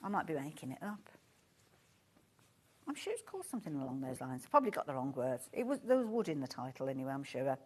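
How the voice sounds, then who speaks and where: A woman's voice: very deep voice, very animated, fast, darkish tone, slightly rough. Brummie lady chatting away on a shopping channel, very sing-song, keeps going off on tangents. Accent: Birmingham English. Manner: chatty, gushing, easily sidetracked. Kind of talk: live sales presentation. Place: TV studio.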